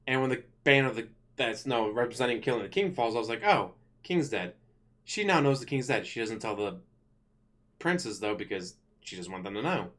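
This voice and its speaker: A man with an ordinary mid-range voice rants casually into the camera. He complains in an animated way and drops swear words freely. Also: medium pitch, brisk. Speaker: vlogger. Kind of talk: casual ranting commentary.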